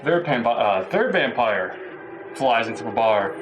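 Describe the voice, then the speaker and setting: A man's voice: mid-range voice, lively intonation, a little slow, over music, poor audio. A man casually telling a joke in a loose, rambling way with fillers.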